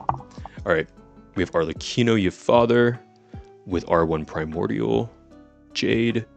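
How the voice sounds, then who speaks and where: Giddy gravelly young male streamer. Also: sits low. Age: 20s. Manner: giddy, laughs often, swears casually. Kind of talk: casual live-stream chat.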